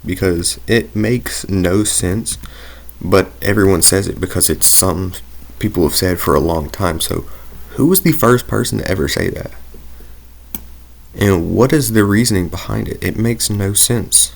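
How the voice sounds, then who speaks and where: A man's voice: deep voice, unhurried, vocal fry. A young man giving casual gameplay commentary, rambling into tangents and talking himself through his choices. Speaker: gaming video creator.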